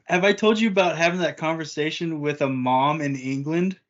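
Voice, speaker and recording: Laughing storyteller man, slightly higher voice. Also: normal speed, muffled recording. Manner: rambling anecdotal storyteller, laughs often. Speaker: podcast co-host. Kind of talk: casual chat.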